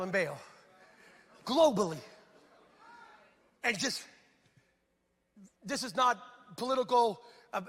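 Man, pastor, middle-aged, high voice, humorous storytelling sermon, echoing hall. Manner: animated, humorous storyteller acting out dialogue. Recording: reverberant hall sound.

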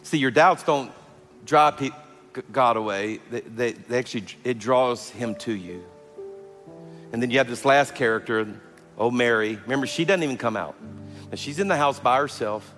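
Pastor guy preaching, gets loud then real soft, long echo in a big church, faint music under it. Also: mid-range voice, normal speed. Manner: storytelling, swings from loud and animated to hushed and tender. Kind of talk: sermon. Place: large church hall.

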